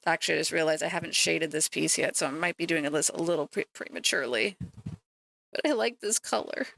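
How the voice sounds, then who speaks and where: Woman, livestream chat, self-mocking, bright voice, dry close sound. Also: low-pitched, quick pace, creaky, no room sound. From Canada. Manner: chatty and self-mocking, talking to chat while working. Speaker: streamer painting miniatures.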